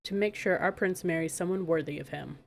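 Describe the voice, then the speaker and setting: A woman's voice: fairly low pitch, a little fast, creaky, a little hiss or hum. A woman reading aloud, voicing a haughty, condescending queen mother in a storybook. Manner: condescending, purring.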